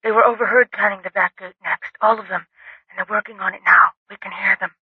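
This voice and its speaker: A man narrating an audiobook, putting on a hushed woman's voice over a walkie-talkie. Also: high-pitched, steady tone, husky, dry recording, phone-quality sound, voice pushed up. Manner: hushed, hurried.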